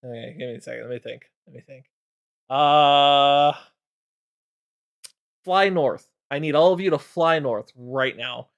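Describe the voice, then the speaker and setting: A man's voice: a little high, unhurried, creaky, clear, resonant tone, lo-fi sound. A man doing a flustered giant titan. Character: giant male titan warrior, blunt and flustered.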